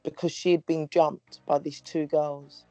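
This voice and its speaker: Gravelly-voiced woman co-host. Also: low voice, unhurried, dry recording. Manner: calm, explains at length, steers the talk. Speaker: podcast co-host. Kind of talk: casual chat. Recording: faint music behind.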